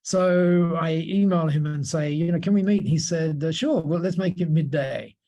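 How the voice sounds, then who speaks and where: A man, a podcast guest, telling long anecdotes in an interview, with many restarts and quick laughs. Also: fairly high pitch, steady tone, dark tone.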